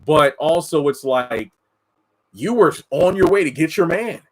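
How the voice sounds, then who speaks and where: A man giving casual commentary on a TV episode, answering chat comments and mocking characters in high put-on voices. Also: lively intonation, measured pace, low-quality recording. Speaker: TV show reviewer.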